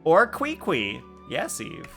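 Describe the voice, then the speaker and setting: A man's voice: high-pitched, huge pitch swings, slow pace, music in the background. A man live-streaming a video game, chatting casually and animatedly with his chat and laughing often.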